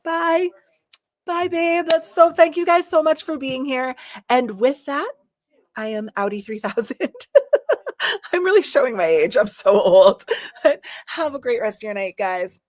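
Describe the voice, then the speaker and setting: A woman's voice: high-pitched, measured pace, dry recording. A woman hosting a live stream from home, reading viewer comments aloud and chatting in a bubbly, friendly way. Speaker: livestream host.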